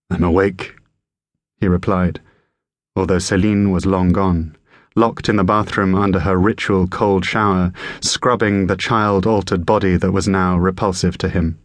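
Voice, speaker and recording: A man reading a thriller audiobook aloud in a measured, even storytelling manner. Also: low voice, dry recording, studio quality. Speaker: audiobook narrator. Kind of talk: scripted narration.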